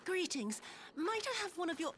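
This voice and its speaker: A woman's voice: very high-pitched, big pitch swings, moderate pace, a loud crowd. An actress playing a polite, hesitant woman villager in a game. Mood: pleading.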